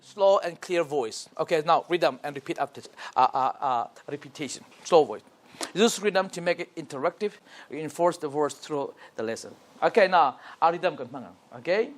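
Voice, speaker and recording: A man's voice: fairly high pitch, animated, moderate pace. A man with a Mizo accent, a pastor leading a teacher training, asking questions and having the group repeat and clap. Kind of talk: interactive workshop teaching. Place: church classroom.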